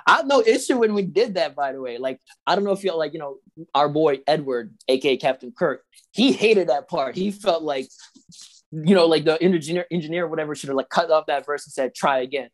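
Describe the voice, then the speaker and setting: A man with a mid-range voice talks on a podcast, lively and opinionated. He argues his points casually, with a playful edge. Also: a little high, fairly quick. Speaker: podcast co-host. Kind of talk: casual chat.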